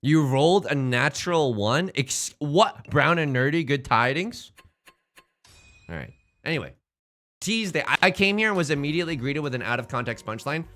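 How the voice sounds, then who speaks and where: A male streamer chats to his audience in a lively, joking, self-mocking way. His voice sits a bit high for a man and swings widely in pitch. Soft music plays quietly behind him. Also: normal speed. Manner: animated, jokey, self-mocking. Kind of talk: casual stream chat.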